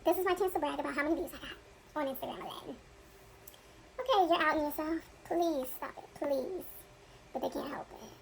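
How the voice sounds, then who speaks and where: A woman reads viewer comments aloud and adds chatty asides, laughing often. Her voice sits high and has a gravelly, fry-laden edge. Faint noise hums behind her. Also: brisk, low-quality recording. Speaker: reaction video co-host. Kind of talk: casual commentary, reading out comments.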